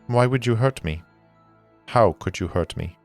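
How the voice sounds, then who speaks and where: A man voicing an ancient AI hidden in a vault, calm and detached, in a tabletop game. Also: on the low side, a little slow, creaky, soft background music, voice pushed up. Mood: aloof. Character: ancient vault AI, calm, aloof, beyond harm.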